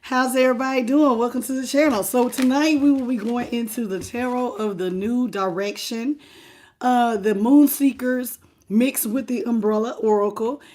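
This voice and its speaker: A woman with a hoarse, laryngitis-worn voice hosting a live tarot stream, chatting casually and familiarly with viewers and calling them baby and boo. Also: on the high side, steady tone, darkish tone. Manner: unhurried and chatty, laughing often.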